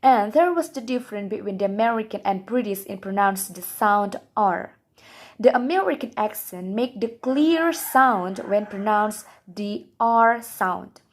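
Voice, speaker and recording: A young woman, a student whose first language is Indonesian, reading her class presentation aloud from a script in a careful way. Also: mid-range voice.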